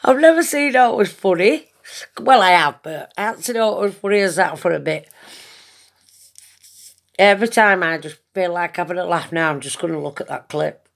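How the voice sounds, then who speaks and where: A woman's voice: on the low side, animated, normal speed, vocal fry. A woman chatting casually to camera, giggling often, swearing freely and rambling from one thing to the next.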